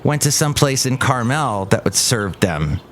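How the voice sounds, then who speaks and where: A man's voice: medium pitch, very animated, unhurried, a bit bright, a little hiss or hum. A man hosting a casual podcast chat, goofy and rambling with lots of jokes. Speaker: podcast host.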